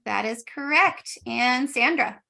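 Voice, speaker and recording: Woman running a spelling bee, high voice with some fry, brisk and to the point, video call. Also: expressive, bright, forceful tone. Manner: brisk, matter-of-fact rulings. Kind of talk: running a live online contest.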